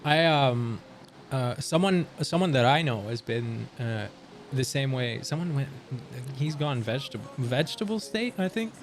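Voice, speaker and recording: A man's voice: medium pitch, animated, normal speed. A young man streaming from Canada, chatting casually with viewers, rambling and swearing as he reads chat aloud. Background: faint music.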